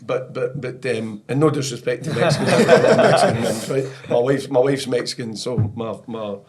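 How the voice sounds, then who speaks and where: A man's voice: medium pitch, moderate pace, a crowd in the background. A middle-aged Scottish man, a guest on a soccer podcast, telling anecdotes in a rambling way with lots of "you know" and restarts, often breaking into laughter. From Scotland. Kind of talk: storytelling podcast interview.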